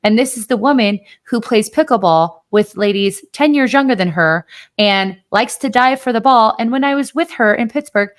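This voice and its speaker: A woman's voice: fairly high pitch, normal speed. A woman co-hosting a podcast, chatting casually and emphatically about fitness, with the odd swear word. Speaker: podcast co-host.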